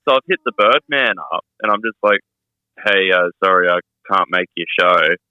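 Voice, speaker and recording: A man's voice: low-pitched, moderate pace, clean tone, no echo, dull audio. Swearing man telling stories. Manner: swears a lot, laughing storyteller. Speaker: guest wrestler. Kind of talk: casual podcast chat.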